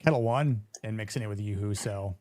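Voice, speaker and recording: A middle-aged man hosting a casual podcast chat, talking in a laid-back, halting way with fillers and restarts. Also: lowish voice, a little mellow. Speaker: podcast host reading chat.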